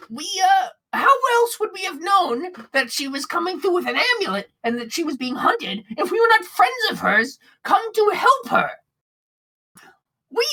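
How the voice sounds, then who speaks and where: Small fawning kobold bard, woman doing the voice, bright and sing-song, tripping over words. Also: high-pitched, exaggerated voice, rough recording. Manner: stammering, eager and wheedling.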